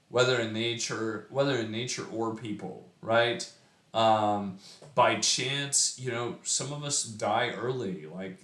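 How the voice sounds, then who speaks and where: A man's voice: fairly low pitch, a bit bright. A man explaining a poem line by line in a casual, conversational way, with many fillers and asides. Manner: conversational, chatty with fillers and frequent "right?". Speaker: poetry teacher. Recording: roomy echo.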